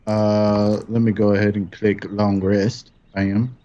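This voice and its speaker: A man's voice: lowish voice, flat delivery, measured pace, a crowd in the background. A man playing in a tabletop game, hesitant, with many fillers and restarts. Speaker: player. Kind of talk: casual game chat. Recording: dull lo-fi stream audio.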